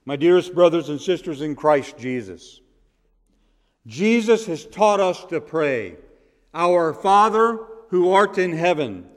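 Male pastor, slightly high voice, deliberate emphatic sermon delivery, reverberant sanctuary. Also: sing-song. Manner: measured, emphatic preaching with stressed repeated words. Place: church sanctuary.

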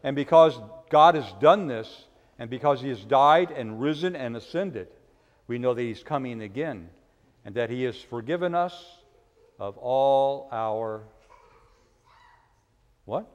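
Pastor with a reverberant church echo. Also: male voice, mid-range voice, lively intonation, moderate pace. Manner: gentle, asks children questions. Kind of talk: children's sermon.

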